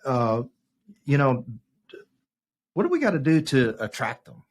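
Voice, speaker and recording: A man's voice: medium pitch, wildly swooping pitch, a little slow. A man hosting an interview, asking questions with brief affirmations in between. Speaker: interview host.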